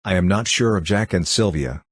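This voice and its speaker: A man's voice: sits low, fairly quick, slightly rough, no echo, clean studio sound. A man reading the part of an anxious, loyal friend in an audiobook, with urgent, clipped speech.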